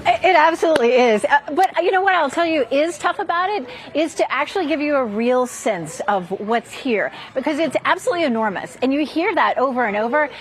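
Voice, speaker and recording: A high-voiced woman gives a live report from an outdoor park. She talks in an upbeat, chatty way and sounds a little out of breath. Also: expressive, a little fast, few pauses. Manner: upbeat, chatty, laughing between lines.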